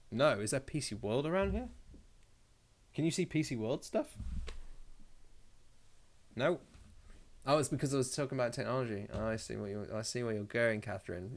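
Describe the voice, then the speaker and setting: A man chatting on his live stream in a loose, rambling way, reading viewer comments and firing off jokes. He swears freely and goes off on tangents, with a middle-pitched voice.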